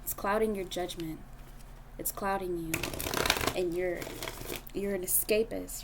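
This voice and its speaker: A woman's voice: on the low side, steady tone, unhurried, long pauses, very noisy. Blunt, foul-mouthed woman tarot reader. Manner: blunt and profane, talks straight to the viewer. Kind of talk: casual tarot reading monologue.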